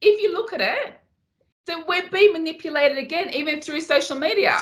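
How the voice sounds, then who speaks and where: A woman with an extremely high, lively voice speaks at normal speed with a bit of brightness. She's a Muay Thai fighter guesting on a casual podcast interview, talking passionately and repeating words to emphasize her points.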